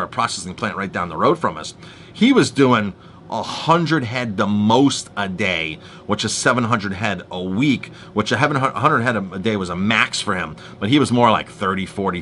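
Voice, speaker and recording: A man vents in an animated, casual monologue, his voice bright and ringing. His pitch swings widely as he restarts and acts out past arguments. A faint rumble sits underneath. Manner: animated storytelling, restarts, acts out quoted exchanges.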